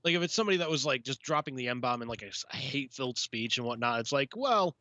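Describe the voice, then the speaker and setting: A man's voice: medium pitch, racing, pushed and bright, no echo. A man co-hosting a casual podcast, speaking bluntly, swearing freely and laughing often. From not from the UK. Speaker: podcast co-host. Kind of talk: casual chat.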